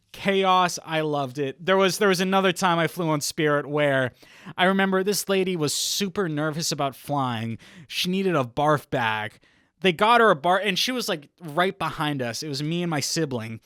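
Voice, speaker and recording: A young man carries a solo comedy podcast with rambling, deadpan riffs and chuckles at his own jokes. His voice sits fairly high and has a bright, pushing edge. The sound is dry and close, with no room around it. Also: normal speed, clear, resonant tone, no echo. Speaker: podcast host.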